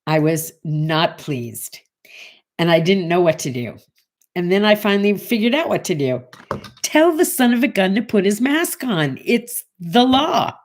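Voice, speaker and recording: A woman in her sixties hosts a morning show, telling a casual story in a mid-range voice at a slightly slow pace. She's animated and acts out the voices of the people in her anecdote.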